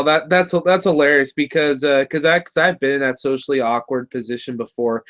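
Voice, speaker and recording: A man co-hosting a cartoon review show, talking in an animated, rambling way with many restarts. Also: mid-range voice. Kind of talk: casual review chat.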